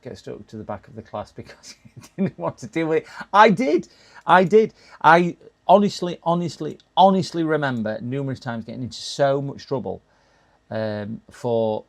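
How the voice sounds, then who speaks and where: A man in middle age talks to his live chat as he fixes a computer, his voice mid-pitched with a gravelly, creaky edge. He rambles easily and stumbles into restarts, breaking off now and then to laugh. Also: dark tone. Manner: chatty, talks to chat while working, frequent restarts and laughs. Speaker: live-stream repair streamer. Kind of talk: casual live-stream chat.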